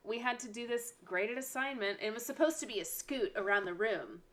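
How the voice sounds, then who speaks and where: Woman co-host; bright, animated teacher who vents. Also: on the high side, fairly quick. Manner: animated venting, acting out quotes. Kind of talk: casual chat.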